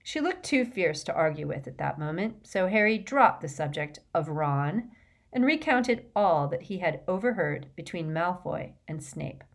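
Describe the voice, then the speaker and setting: A woman narrating an audiobook in measured, even scripted narration. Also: fairly low pitch.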